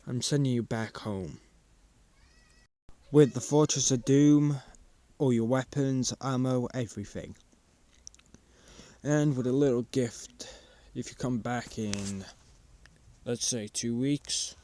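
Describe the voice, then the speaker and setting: Calm old professor, as a man puts him on. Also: mid-range voice, slow, long pauses, no room sound, voice pushed down, close to an everyday voice. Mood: reassuring.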